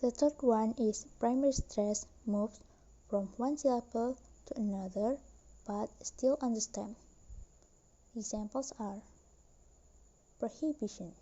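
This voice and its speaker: Slow, dark-toned young woman presenting. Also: fairly high pitch, highs cut off. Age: young adult. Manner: slow, careful, deliberate reading. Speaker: student presenter. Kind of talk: reading a class presentation.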